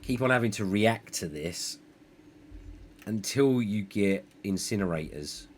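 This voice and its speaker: A man's voice: on the low side, lively intonation, a little slow, slight background noise. A man streaming a city-building game, thinking aloud in a rambling, self-deprecating way. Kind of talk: live gameplay commentary.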